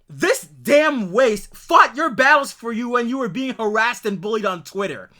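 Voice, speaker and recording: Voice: mid-range voice, sharp tone. Furious, cursing call-out rant. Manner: furious, profane, ranting and cursing. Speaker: video creator addressing an ex-partner. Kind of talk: angry call-out monologue over screenshots.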